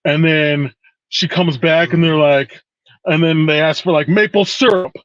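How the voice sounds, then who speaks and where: Slightly high man, muffled podcast audio. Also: unhurried, dry recording. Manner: relaxed storyteller, recounts scenes step by step. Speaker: podcast co-host. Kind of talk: casual podcast chat.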